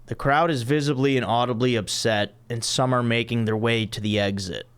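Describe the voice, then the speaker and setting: Smooth-voiced man reading a script deadpan. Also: mid-range voice, fairly quick. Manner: deadpan, reading stage directions. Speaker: podcast host. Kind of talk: reading a comic script aloud.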